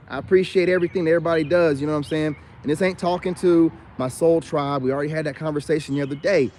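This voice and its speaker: A defiant man talks himself up in a raised, higher-than-usual voice. He rambles, circling back with repeated asides as he speaks outdoors. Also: fairly even intonation, very fast, hardly any pauses, darkish tone. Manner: repeats filler asides often. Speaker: self-styled life coach vlogger. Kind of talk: unscripted rant to camera.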